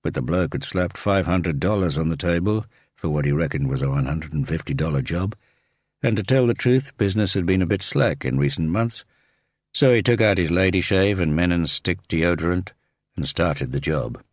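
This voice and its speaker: Very deep-voiced male audiobook narrator. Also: animated, moderate pace, dry recording, clean studio sound. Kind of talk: scripted narration of a thriller audiobook.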